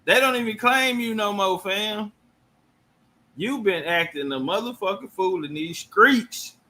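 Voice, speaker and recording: A man's voice: sits high, a little slow, pushed and bright, slight background noise. A man giving loose, profane reaction commentary and telling stories.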